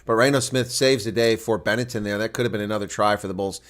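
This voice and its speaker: A man giving live play-by-play rugby commentary from a home setup, getting louder and higher on big plays. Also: quick pace. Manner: excitable, bursts loud and high on big plays.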